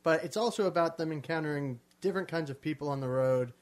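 Male podcast co-host, measured, film chat, slightly higher voice. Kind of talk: casual film review chat.

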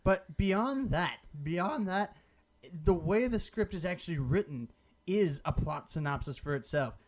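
A man with a fairly high voice talks through a movie with friends on a podcast. He is sarcastic and animated and keeps slipping into mocking voices. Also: unhurried. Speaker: podcast co-host. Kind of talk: casual comedic movie review chat.

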